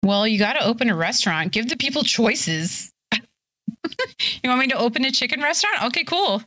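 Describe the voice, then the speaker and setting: A young woman chats on her live stream, a little tipsy, gushing and chatty as she answers her viewers. Her voice sits a bit high and has a bright edge. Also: very animated, brisk, no echo, studio quality. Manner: bubbly, gushing, reads chat aloud. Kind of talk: casual live-stream chat.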